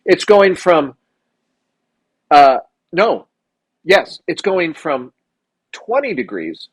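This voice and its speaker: A man from South Dakota co-hosting a podcast, telling profane, animated stories in casual chat. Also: fairly high pitch, drawn-out words, husky, dry recording. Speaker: podcast co-host.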